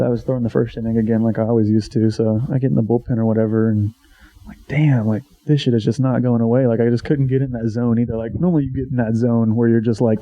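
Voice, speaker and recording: A young man telling a long story in a casual, rambling podcast chat, full of swearing and filler words. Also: medium pitch. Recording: dull lo-fi sound.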